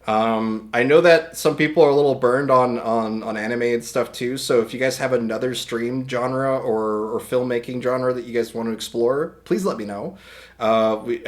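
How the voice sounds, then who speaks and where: A man hosting a livestream, talking casually and rambling with many restarts, his voice a little hoarse today. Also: medium pitch. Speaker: livestream host. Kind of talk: casual stream chat.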